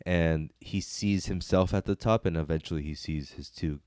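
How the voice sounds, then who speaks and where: A man's voice: low voice, normal speed, darkish tone, clear, resonant tone, no echo, clean studio sound. A man co-hosting a casual movie review chat, laughing often and restarting his sentences. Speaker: podcast co-host.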